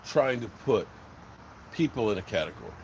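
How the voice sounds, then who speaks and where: A man's voice: lowish voice, very animated, brisk, darkish tone, a little hiss or hum, low-quality recording. A man from Virginia hosting a casual live stream, talking bluntly and rambling, swearing freely. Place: outdoors by a smoker fire.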